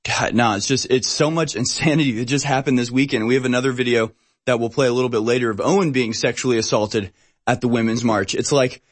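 A male talk show host with an ordinary mid-range pitch asks long, rambling questions full of fillers. He talks casually, chatting with his guest. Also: steady tone, fast.

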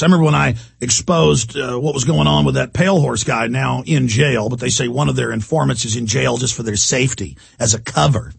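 A man's voice: medium pitch, creaky, slightly rough, dry recording. A man hosting a talk radio show, delivering an emphatic, repetitive rant. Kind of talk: heated talk-radio monologue.

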